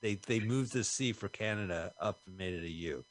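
A man's voice: on the low side, moderate pace, no echo. A man co-hosting a radio show, riffing and joking in loose, casual banter about a movie. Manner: jokey, riffing, trailing off mid-thought. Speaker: radio co-host. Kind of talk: casual film-talk banter.

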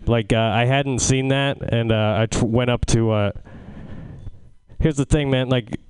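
A man's voice: medium pitch, steady tone, a little slow, darkish tone, smooth, dry recording. A man doing a stand-up comedy set in a casual, rambling way. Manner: casual and rambling, with fillers and restarts. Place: comedy club stage.

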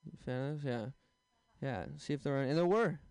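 Smooth-voiced young stand-up comic. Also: male voice, mid-range voice, no room sound. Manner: deadpan one-liners with quick asides to the crowd. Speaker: stand-up comedian. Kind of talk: stand-up set at an open mic.

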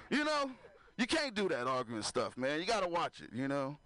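Animated high-voiced male stand-up comic. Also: moderate pace, background noise. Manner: loose, crowd-working, laughs at own jokes. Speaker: stand-up comedian. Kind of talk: stand-up comedy set.

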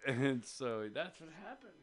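A man's voice: medium pitch, sing-song, measured pace, crowd noise. A man casually telling a long, rambling story on a radio show, swearing freely and slipping into voices for the people in his story. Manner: rambling, profane, acts out voices in his stories.

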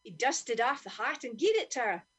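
Doric Scots woman telling a lively story. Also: fairly high pitch, moderate pace, husky. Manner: lively dialect reading. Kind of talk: storytelling in dialect.

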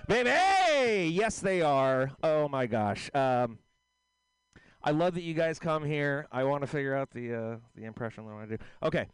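A man's voice: medium pitch, clean tone, no room sound, poor audio. A man doing stand-up at a radio open mic, loose, self-mocking and chatty with the crowd. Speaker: stand-up comedian.

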